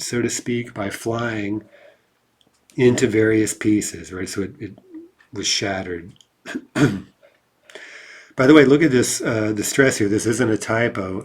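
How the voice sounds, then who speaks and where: A man's voice: fairly low pitch, darkish tone, breathy edge. A man teaching a language lesson in a casual, explanatory way, reading out numbered example sentences and checking in with frequent "right?".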